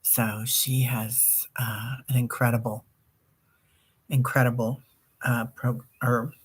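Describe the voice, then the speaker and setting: A woman's voice: extremely low pitch, little pitch movement, takes it slowly, breathy edge. A woman hosting a group meditation stream, chatting casually and reading out viewer comments, with many fillers and restarts. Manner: chatty, warm-hearted, reads viewer comments aloud; rambling with many fillers and self-corrections. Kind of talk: casual livestream sign-off chat.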